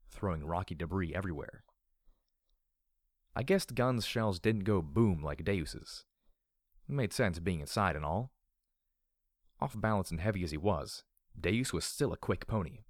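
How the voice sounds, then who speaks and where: A man narrating a first-person story with a wry, lively delivery. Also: sits low, dry recording, studio quality. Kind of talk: audiobook storytelling.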